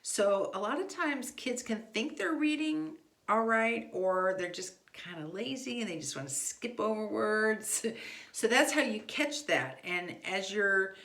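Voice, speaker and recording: A woman's voice: medium pitch, animated, measured pace, a bit bright, roomy sound. A woman giving casual homeschool reading advice to parents, talking loosely with many fillers and restarts. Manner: conversational, frequent fillers and restarts. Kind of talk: casual instructional talk.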